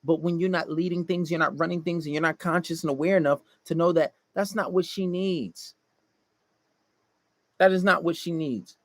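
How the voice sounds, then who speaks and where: A man's voice: a little high, steady tone, moderate pace, dry recording. A man delivering a blunt, profane dating-advice monologue to male listeners, often mocking the people he quotes.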